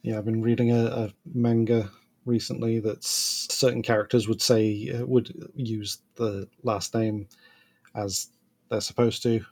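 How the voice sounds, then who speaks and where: A man's voice: on the low side, little pitch movement, unhurried, vocal fry, a little mellow, breathy edge. A man co-hosting a podcast in casual chat, laughing often and trailing off with fillers. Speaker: podcast co-host.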